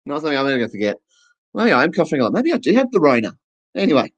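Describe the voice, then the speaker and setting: A man's voice: a little high, huge pitch swings, rapid-fire, highs cut off. A man doing a stand-up comedy set to camera, chatty and playful, acting out little scenes.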